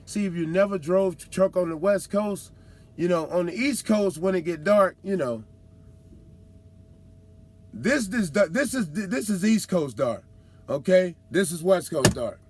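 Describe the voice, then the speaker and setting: Male trucker vlogger, high voice, lively slang-heavy storyteller who acts out the people he meets. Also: a little slow. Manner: animated, slangy, acts out other drivers with whoops. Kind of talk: casual storytelling monologue.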